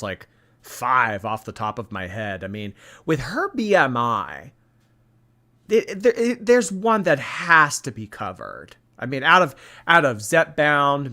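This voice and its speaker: A man's voice: medium pitch, bright, forceful tone. A man hosting a live-stream commentary, blunt, sarcastic and profane as he reacts and thanks his chat.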